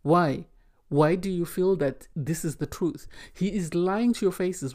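A woman's voice: fairly low pitch, unhurried, mellow. A woman giving an opinionated spoken recap and review of a reality dating show, emphatic and often exasperated. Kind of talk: casual recap commentary.

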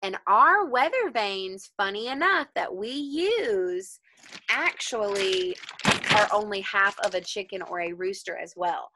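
A woman teacher reading a folktale aloud to young children, pausing to ask them questions about the story. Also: mid-range voice, heavy background noise. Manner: expressive, questioning the listeners.

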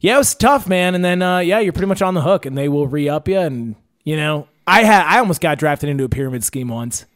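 A man's voice: a little high, fairly quick, few pauses, no room sound, clean studio sound. A man hosting a podcast in casual chat, telling stories animatedly, acting out other people's voices, swearing freely and laughing mid-sentence. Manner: animated storyteller who acts out quoted voices and swears freely. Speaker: podcast host. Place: indoor podcast recording.

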